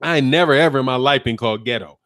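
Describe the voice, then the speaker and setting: A man's voice: mid-range voice, rapid-fire, fairly bright tone, smooth, no room sound, clean studio sound. An American man hosting his channel, chatting casually and joking while he reads viewer comments aloud, laughing often. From United States. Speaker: channel host. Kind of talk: casual chat reading live comments.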